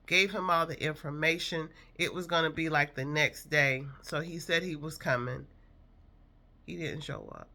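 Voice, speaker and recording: A woman's voice: sits low, fairly even intonation, moderate pace, hardly any pauses, pushed and bright. A woman in her fifties telling a personal story from her past in an earnest, reflective, emotional way.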